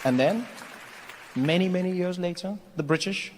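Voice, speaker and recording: High-voiced man doing stand-up. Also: moderate pace, a faint crowd. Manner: animated storyteller, leaps into character voices. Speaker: stand-up comedian. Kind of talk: stand-up comedy routine. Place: comedy stage before a live audience. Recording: echoey venue with faint noise.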